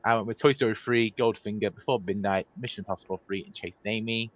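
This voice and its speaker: A man co-hosting a podcast, briskly reading through a recap list. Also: lowish voice, steady tone, dry recording, lo-fi sound. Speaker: co-host.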